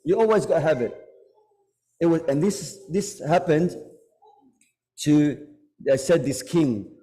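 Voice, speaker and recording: A man's voice: a little high, lively intonation, slow, mellow. A man giving a Muharram majlis sermon, speaking conversationally and putting direct questions to the congregation. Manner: retells stories with acted dialogue. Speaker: religious lecturer.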